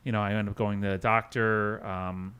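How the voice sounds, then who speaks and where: A man in his thirties from the United States, appearing as a podcast guest, tells an emotional personal story candidly and ramblingly, restarting often and quoting dialogue. His voice is on the low side, clear, resonant and a bit bright, with a level tone and moderate pace.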